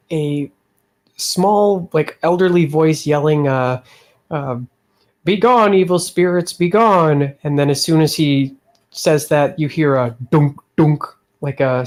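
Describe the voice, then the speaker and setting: A man's voice: fairly high pitch, a little slow, darkish tone. A man running a tabletop game as game master, narrating with many hesitations and easy laughs.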